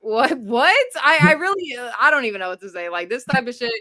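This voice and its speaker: A woman's voice: a little high, very animated, a little fast, pushed and bright, dry recording, clean studio sound. A young adult woman hosting a casual stream, talking bluntly and profanely, brushing off criticism. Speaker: streamer host.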